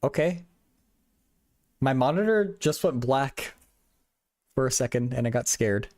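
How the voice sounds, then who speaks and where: A man's voice: medium pitch, expressive, unhurried, a little mellow, dry recording, studio quality. A young man hosting a livestream, chatting casually with viewers, stuttering and repeating words, from a small apartment bedroom. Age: young adult. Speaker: livestream host.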